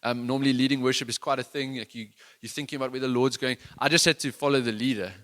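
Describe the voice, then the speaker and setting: A man's voice: mid-range voice, fairly even intonation, fast talker, fairly bright tone. A man preaching a sermon in an earnest, conversational, self-deprecating way, with many restarts. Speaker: worship leader giving a sermon.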